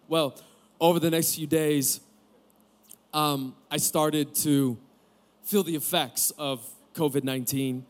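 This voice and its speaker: A pastor in his forties delivers a candid sermon to a live audience in a camp gathering room, sharing a personal story with joking asides. His voice sits on the high side, and he speaks a little slowly.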